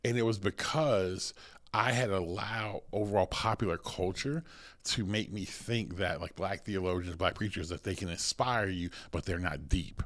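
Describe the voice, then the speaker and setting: An American man who is a pastor and podcast host, telling stories in an energetic, conversational way with many restarts. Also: deep voice, normal speed. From United States.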